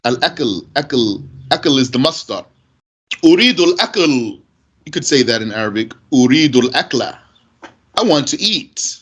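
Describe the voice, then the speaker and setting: A man teaching Arabic grammar, reading passages quickly and then explaining them slowly with repeated examples. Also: animated, a bit bright, husky. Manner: reads Arabic text fast, then explains slowly with repetition; pitch jumps up when giving examples.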